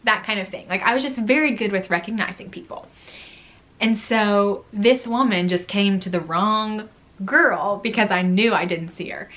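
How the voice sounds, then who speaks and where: A woman's voice: medium pitch, a bit bright. Chatty young woman telling a storytime. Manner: chatty, fillers like "like" throughout. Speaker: vlogger. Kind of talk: casual storytime chat.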